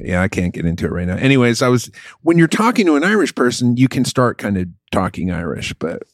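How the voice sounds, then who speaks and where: A man co-hosting a podcast, bantering in a crude, excitable way. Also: mid-range voice, fast, dry recording, clean studio sound. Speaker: podcast co-host. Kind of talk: casual comedic chat.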